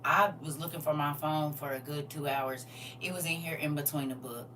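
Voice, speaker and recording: A middle-aged woman is livestreaming from home in the morning, chatting casually, calling out viewers by name and laughing a lot. She speaks at a normal speed in a low, fairly bright voice with fairly even intonation, picked up by a slightly distant mic with faint hum.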